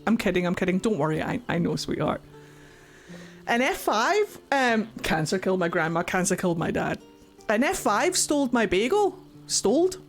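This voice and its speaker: A woman live-streaming a game, chatting with viewers in a crude, giggly way and laughing often. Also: mid-range voice. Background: game music.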